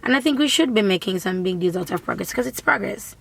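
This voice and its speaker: A woman's voice: medium pitch, lively intonation, fast, creaky, slightly rough, dry recording, low-quality recording. A woman from Jamaica, chatting in a rambling way while doing her makeup in a parked car. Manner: rambling, chatty, many restarts. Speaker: beauty vlogger.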